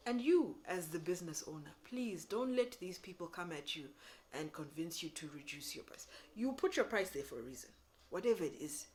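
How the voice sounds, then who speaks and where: A young woman giving business advice to camera, animated and sassy, acting out customers in quick voices. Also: lowish voice. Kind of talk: casual advice talk to camera.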